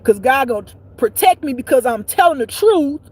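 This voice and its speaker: A woman giving a profane spiritual rant as a life teacher, blunt and preachy, swinging between loud outbursts and low muttering. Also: animated, normal speed, slightly rough, low-quality recording. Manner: blunt and preachy, swearing freely.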